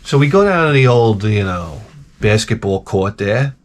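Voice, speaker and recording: A man's voice: on the low side, expressive, normal speed, slight background noise. A man telling comic stories to camera in a rambling, exasperated, profane rant full of restarts. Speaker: vlogger. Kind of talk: comedic storytelling rant.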